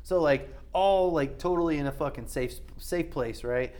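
A man's voice: a little high, moderate pace, darkish tone. A man co-hosting a podcast, telling rambling, profane stories in casual chat. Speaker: podcast co-host.

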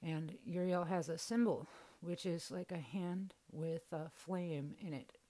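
A woman's voice: fairly low pitch, measured pace, dark tone. A young woman hosting a podcast, telling a personal story in a candid, casual way and swearing freely. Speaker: podcast host.

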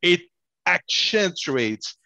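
A man's voice: high voice, very animated, vocal fry, pushed and bright, no echo. A man co-hosting a movie podcast, chatting casually and often stumbling over repeated words. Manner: halting, repeats words when searching. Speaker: podcast co-host. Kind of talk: casual movie review chat.

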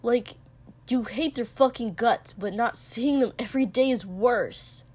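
A woman voicing a surly young man with a low, hoarse, gravelly voice who mutters and swears in a storybook reading. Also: a little slow. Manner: muttering, sulky and sharp, swearing. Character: gruff young male warrior, hoarse, surly and crude.

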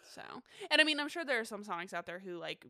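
Young woman cohost, bright sharp voice, chatty and giggly. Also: mid-range voice, animated, fast. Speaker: podcast co-host. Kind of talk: casual chat.

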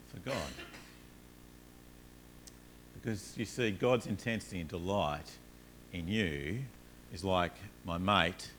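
A man preaching a sermon, telling everyday stories with rising energy, then dropping low and soft to make his points. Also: slight background noise. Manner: earnest, rises animatedly in stories, drops low and soft on points. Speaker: pastor.

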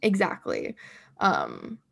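A young woman in her twenties talks in a relaxed, chatty way, often laughing at herself. Her voice has a noticeable creaky fry at the ends of phrases, and she pads her talk with fillers. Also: low voice, takes it slowly. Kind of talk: casual chat.

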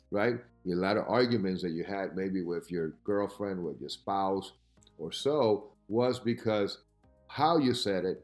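A man giving podcast talk as a sales coach, with an emphatic, lively delivery who keeps asking "right?" as he teaches. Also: fairly low pitch.

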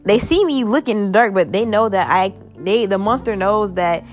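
A woman in her twenties hosting her own podcast, talking in a chatty, upbeat and animated way. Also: medium pitch, normal speed, faint music behind. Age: 20s. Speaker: podcast host. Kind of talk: casual solo podcast chat.

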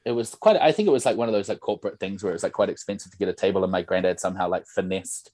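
A man's voice: low voice, very fast, darkish tone, no room sound. A young man, a podcast guest telling stories in a casual, rambling way full of "like" and "bro". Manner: rambling storyteller, lots of "like" and "bro". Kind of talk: casual chat.

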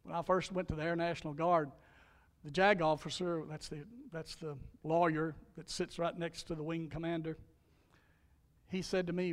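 The sermon comes from a middle-aged man who serves as pastor and chaplain, his voice on the high side at a moderate pace. He presses his points, puts questions to the congregation, and alternates loud urging with soft lines, all under the long echo of a big hall.

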